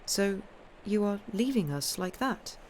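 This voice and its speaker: A woman's voice: medium pitch, lively intonation, measured pace, darkish tone, slight background noise, pitched above the performer's own voice, lightly acted. A woman voicing a tender, anxious young woman in an audiobook reading, with a pleading, worried way of talking.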